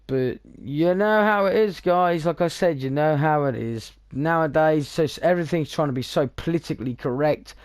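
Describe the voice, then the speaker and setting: A man's voice: a little high, moderate pace, hardly any pauses, clear, resonant tone, dry recording, clean studio sound. A young British man with a gaming channel, rambling in casual, blunt chat full of swearing while he plays. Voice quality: swears freely, chatty, blunt. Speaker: gaming streamer.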